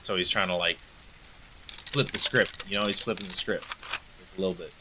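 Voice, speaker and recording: A young Canadian man with an East Coast accent, chatting fast and jokingly with viewers while he streams a game, full of slang and banter. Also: low-pitched, steady tone, noisy background. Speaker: livestream gamer. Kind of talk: casual chat with chat while gaming.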